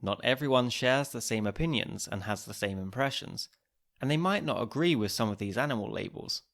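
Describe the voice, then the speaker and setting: A man hosting a podcast, reading scripted narration with a measured, even delivery. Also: medium pitch.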